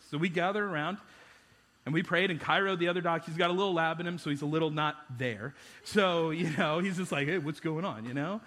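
A man's voice: sits high, a bit bright, long reverb tail. A man preaching a sermon as pastor, conversational and self-deprecating, often restarting his sentences.

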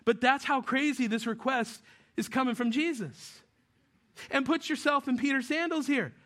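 A man's voice: very high voice, moderate pace, fairly bright tone. A man in his forties, originally from New Mexico, preaching a casual, conversational sermon with jokes, often acting out the voices he quotes. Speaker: pastor.

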